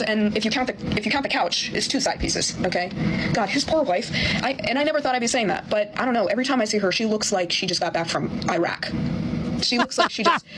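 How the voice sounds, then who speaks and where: Sarcastic woman ranting over loud noise. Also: on the high side. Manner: sarcastic, mocking, swearing. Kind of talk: profane political rant.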